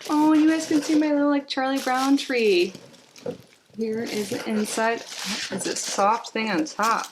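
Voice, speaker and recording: A woman's voice: a little high, fairly even intonation, unhurried, noisy background. Chatty, giggly woman vlogger. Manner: chatty, giggly, rambling with many "like"s. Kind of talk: casual unboxing chat. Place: home, sitting on the floor.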